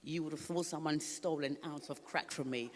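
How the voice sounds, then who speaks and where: A woman's voice: low-pitched, steady tone, a little fast. Middle-aged woman from Africa, raw emotional testimony, in a reverberant hall. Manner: candid, emotional, laughs often. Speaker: recovery ministry speaker. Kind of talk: personal testimony.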